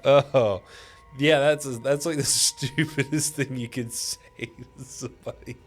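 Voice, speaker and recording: A weary man streams gameplay, talking in a mid-range voice with fairly even intonation and no rush. His commentary is easygoing and sleepy, full of easy laughter and swearing.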